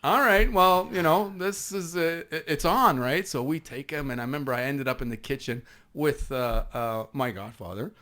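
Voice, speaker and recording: A man's voice: a little high, normal speed, hardly any pauses, bright, forceful tone. A man from Canada, a former SWAT officer, telling an anecdote as a guest with many restarts and fillers. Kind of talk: storytelling anecdote in conversation.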